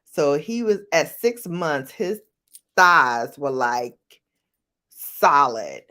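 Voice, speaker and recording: A middle-aged woman vlogger chatting casually with viewers, animated and laughing as she tells stories. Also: very slow. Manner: animated, laughing, jumps into high-pitched quoted voices. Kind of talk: casual chat answering viewer questions.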